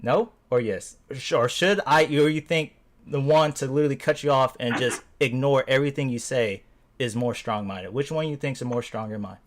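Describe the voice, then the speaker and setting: A man's voice: mid-range voice, moderate pace. A man in a casual gaming voice chat, explaining his feelings earnestly, rambling with lots of fillers. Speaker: gamer in a voice chat.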